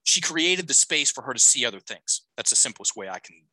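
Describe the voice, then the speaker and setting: A man's voice: medium pitch, sing-song, brisk, bright, forceful tone, no room sound, poor audio. A middle-aged man, a life coach, telling a long story on a podcast, restarting sentences and checking in with "okay?". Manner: rambling, self-correcting, frequent "okay?" check-ins.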